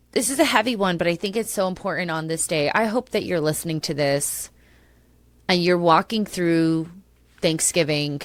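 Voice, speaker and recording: A woman's voice: deep voice, fairly bright tone, no echo. A middle-aged woman hosting a solo podcast, talking passionately and emotionally with many restarts. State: tearful at times. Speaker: podcast host.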